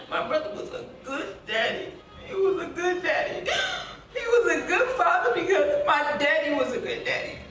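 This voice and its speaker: A woman's voice: high voice, a little hiss or hum. A woman being interviewed for a documentary, telling a personal story in a blunt, profane, rambling way with many fillers. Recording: very echoey room, distant mic, soft music underneath.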